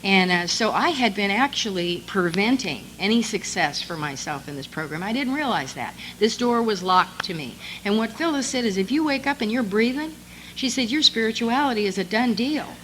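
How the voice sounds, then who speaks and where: A woman's voice: medium pitch, moderate pace, slight background noise, poor audio. A woman telling her own recovery story at a convention, in a conversational way, acting out both sides of old conversations. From United States. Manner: conversational storytelling, quotes others with animated voice shifts. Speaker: speaker sharing recovery story. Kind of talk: conference talk.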